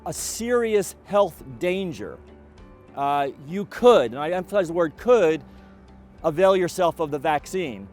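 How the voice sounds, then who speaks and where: A middle-aged man giving a college president's video update, speaking in a measured, deliberate way with frequent fillers and restarts. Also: on the high side, a little mellow.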